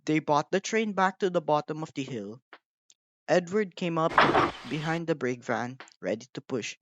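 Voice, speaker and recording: A man narrating a children's storybook in a measured, gentle manner. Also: on the high side, animated, dull audio, noisy background. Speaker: audiobook reader.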